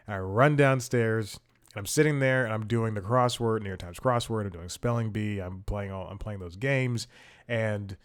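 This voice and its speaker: A man's voice: fairly low pitch, normal speed, smooth. A man hosting a comedy podcast. He talks in a casual, rambling monologue, mocks himself, and chuckles between sentences.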